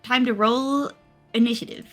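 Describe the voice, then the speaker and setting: A woman as dungeon master, narrating a tabletop game in an unhurried, playful way with frequent laughter. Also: fairly high pitch, steady tone, soft background music.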